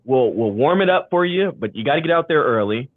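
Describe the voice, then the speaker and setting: A man's voice: medium pitch, animated, brisk, no echo. A man hosting a casual talk show, bantering playfully over a video call. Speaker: host. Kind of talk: casual chat. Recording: dry, tinny call audio.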